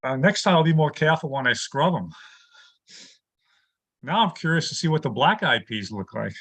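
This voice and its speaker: A man from New York doing pun-based stand-up over a video call, delivering deadpan one-liners. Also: a little high, normal speed, slightly rough. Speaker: stand-up comic.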